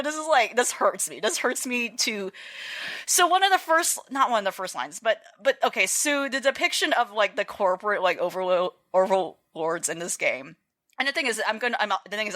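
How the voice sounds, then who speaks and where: A woman talks through her thoughts on a casual gaming podcast. She rambles and restarts, leaning on fillers and quick laughs, and her voice sounds bright. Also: medium pitch. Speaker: podcast co-host. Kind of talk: casual chat.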